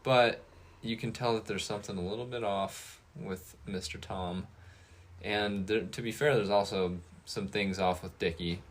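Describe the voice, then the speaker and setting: A man with a very low voice co-hosts a laid-back review podcast. He rambles and hesitates, with lots of fillers and false starts as he talks. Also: fairly even intonation, normal speed. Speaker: podcast co-host. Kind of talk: casual movie review chat.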